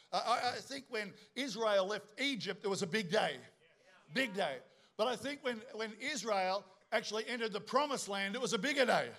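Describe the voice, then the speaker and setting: A middle-aged pastor preaches a sermon full of jokey stories, animated and bantering with the congregation through frequent asides. His voice sits high and his delivery is brisk.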